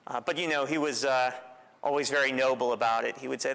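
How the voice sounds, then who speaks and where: A man's voice: mid-range voice, fast, creaky, smooth. Male preacher, conversational sermon, storytelling, long church reverb. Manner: relaxed, storytelling, self-deprecating humor. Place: church sanctuary.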